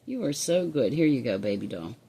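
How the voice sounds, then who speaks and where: A woman at home sweet-talks her parrot in low, unhurried tones. Her pitch swings widely as she coaxes, and she chuckles often. A faint hiss sits under the voice. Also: very animated, dark tone. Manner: coaxing, affectionate baby talk with frequent chuckles. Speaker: pet owner filming her parrot. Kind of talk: casual chat to a pet. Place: indoors at home.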